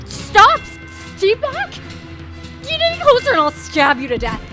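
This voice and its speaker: Woman putting on a terrified male merchant, shrill, stammering, high-pitched game voice, faint music. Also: moderate pace, lightly acted. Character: terrified male merchant, pleading for his life.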